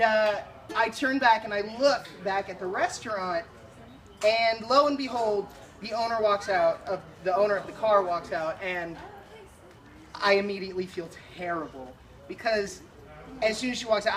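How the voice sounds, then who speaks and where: A man doing stand-up comedy, telling an animated story, swearing and acting out the scene. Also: sits high, far from the mic.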